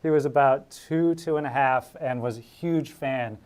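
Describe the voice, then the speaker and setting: Male host, mid-pitched, relaxed and chatty with frequent laughs. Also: normal speed. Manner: easygoing, laughs often, talkative. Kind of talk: casual chat.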